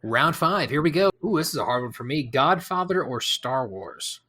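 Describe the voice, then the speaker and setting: A man hosting a podcast, reading out quick-fire questions and answering them himself, often hesitating and rambling with fillers. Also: on the high side, expressive, bright, forceful tone. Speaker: podcast host.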